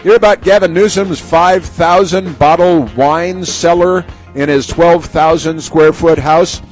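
A man's voice: a little high, fairly even intonation, a little slow, faint music behind. A man hosting a talk radio show, delivering an opinionated monologue in a sarcastic, rambling way full of fillers and restarts.

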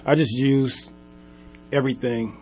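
A man talking as a dog-trainer guest on a radio show, speaking haltingly with lots of ums. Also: medium pitch, fairly even intonation, soft background music. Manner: halting, many ums, soft-spoken. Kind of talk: casual radio interview.

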